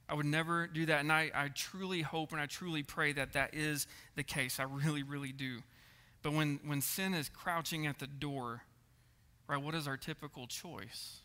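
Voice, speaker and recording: A man's voice: fairly high pitch, pushed and bright. A man preaching a sermon, earnest, repeating words and checking in with the congregation. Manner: earnest, repeats words and asks the room "right?". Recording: echoey hall reverb.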